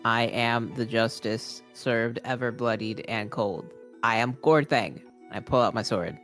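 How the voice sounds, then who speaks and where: A man's voice: medium pitch, a bit bright, faint music behind, natural voice. A man voicing a short, pompous male half-elf who solemnly proclaims himself the blade of the law. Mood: grandiose. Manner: grandiose, slow and solemn declamation.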